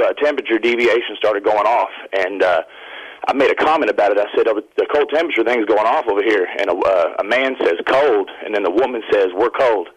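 Rambling male radio caller, lowish voice. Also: poor audio. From Indiana. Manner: rambling, excited, self-interrupting. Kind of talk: phone-in storytelling.

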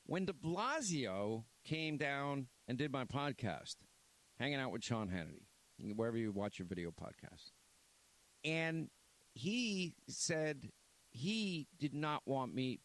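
A man's voice: mid-range voice, very animated, a little slow. A man hosting a talk radio show, rambling and blunt, reading an ad and chatting casually. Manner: rambling, blunt, repeats himself.

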